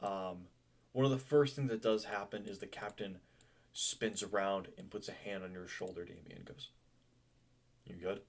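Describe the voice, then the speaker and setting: A man's voice: low-pitched, steady tone, moderate pace. A young man running a tabletop game as game master, chatty and loose, laughing and swearing casually.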